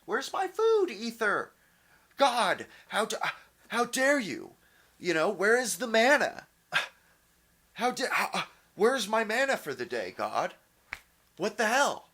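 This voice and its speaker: A man's voice: high voice, wildly swooping pitch, takes it slowly, pauses often, pushed and bright, voice pushed up, heavily acted. A man putting on a whiny entitled complainer. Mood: whining indignant. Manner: indignant, whining, demanding. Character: whiny entitled person yelling at the sky.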